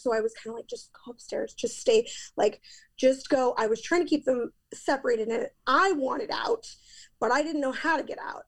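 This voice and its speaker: Woman with a gravelly, vocal-fry voice. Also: high voice. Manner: candid and emphatic, rushes through a painful story. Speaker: podcast guest. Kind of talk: casual personal storytelling.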